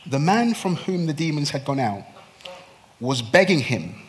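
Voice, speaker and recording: A man preaching a sermon in a church, his voice pitched a little high for a man. He moves between quiet, drawn-out phrases and loud, pleading bursts. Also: sing-song, a little hiss or hum. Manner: impassioned, swings from hushed to loud pleading. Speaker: pastor.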